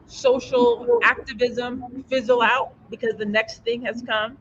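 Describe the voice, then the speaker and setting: Male panel host, high voice, slight lisp from aligners, earnest, dull lo-fi livestream audio. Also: a bit bright, a little hiss or hum. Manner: earnest, stumbling over words.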